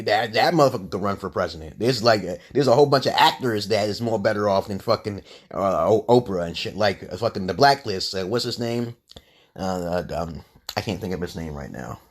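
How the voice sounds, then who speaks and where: A rambling man ranting on a livestream with a wildly swinging voice. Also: slightly rough. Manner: rambling, swearing, swinging between low mutters and loud outbursts. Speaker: livestream host. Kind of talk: profane live-stream rant.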